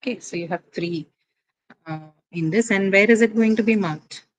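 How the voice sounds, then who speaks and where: A woman's voice: medium pitch, normal speed, poor audio. A woman teaching an English pronunciation class online, explaining step by step with frequent "uh" and "right?" checks.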